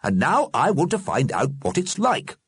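A man's voice: fairly high pitch, wildly swooping pitch, moderate pace, slightly rough, no room sound, voice pushed up, exaggerated voice. A man voicing a sullen, stubborn dead old alderman in an audiobook. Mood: sulky. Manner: sullen, muttering.

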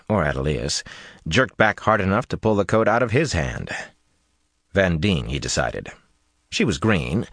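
A man reading a novel aloud as narrator, in a measured, expressive way. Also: low-pitched, dry recording, clean studio sound. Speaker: audiobook narrator. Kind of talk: scripted narration.

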